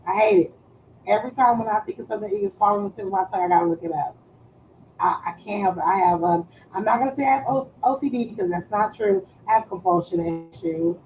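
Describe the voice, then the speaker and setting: A woman chatting casually on a live stream, loud and playful, swearing freely and trailing off as she searches for words. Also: mid-range voice, fast talker, a little hiss or hum, poor audio.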